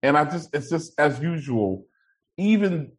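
A man's voice: fairly high pitch, animated, unhurried. A man hosting a podcast in casual, profane chat, moving the conversation along between topics. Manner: steers the topics, swears casually, mimics other people's talk. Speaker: podcast host.

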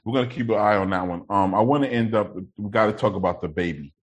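A man's voice: on the low side, fast. A man hosting a podcast in casual, profane chat, moving the conversation along between topics. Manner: steers the topics, swears casually, mimics other people's talk. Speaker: podcast host.

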